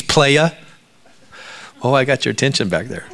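A middle-aged male pastor preaching a sermon to his church, jokey and animated, jumping between loud outbursts and hushed asides. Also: mid-range voice, a little slow. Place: church sanctuary before a congregation.

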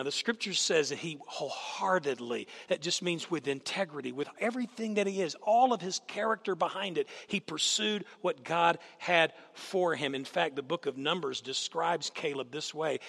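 A man's voice: fairly high pitch, normal speed, creaky, few pauses, fairly bright tone, husky. A man preaching a sermon as a guest speaker, telling stories with animation and putting questions to the congregation. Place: church sanctuary. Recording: long hall reverb.

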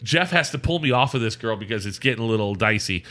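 A man's voice: fairly low pitch, fast. A man co-hosting a podcast, telling a rowdy road story in casual chat and acting out the people in it. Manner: animated storyteller, acts out voices of people in his story. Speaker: podcast co-host.

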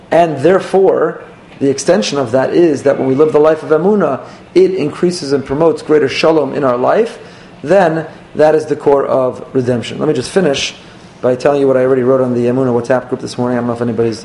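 A man, a rabbi, giving an earnest sermon and telling a story with slow, emphatic phrasing. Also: a little high, a little mellow, slight background noise.

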